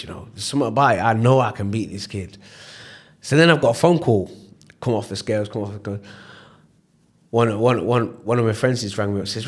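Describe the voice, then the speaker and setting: A man's voice: lowish voice, fast. A man with a Leicester accent, a former boxer, telling stories in a casual interview and acting out the voices of the people in them. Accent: Leicester English. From England. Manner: animated storyteller, acts out voices, repeats "you know what I mean". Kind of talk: storytelling in casual interview chat.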